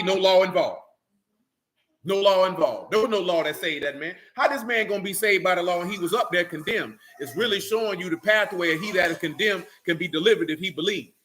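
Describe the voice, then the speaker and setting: Male Bible teacher, high bright voice, preachy, keeps quizzing the class. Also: slight background noise. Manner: preachy, calls out questions to the class. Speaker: teacher leading a Bible study. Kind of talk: sermon.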